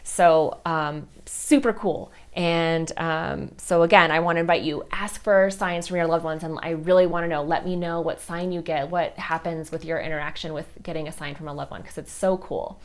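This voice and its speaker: Woman in her 30s, podcast host, slightly low voice, candid and heartfelt, loose chatty delivery. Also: fairly even intonation, normal speed, hardly any pauses. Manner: candid, heartfelt, many fillers like "like" and "you know". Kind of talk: personal storytelling podcast.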